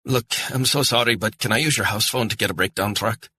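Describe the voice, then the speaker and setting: A man's voice: lowish voice, fairly quick, sharp tone, breathy edge, voice pushed up. A man voicing a young, educated Scottish woman who is stranded and apologetic, speaking in a pleading, earnest way. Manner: pleading, rising urgency, apologetic.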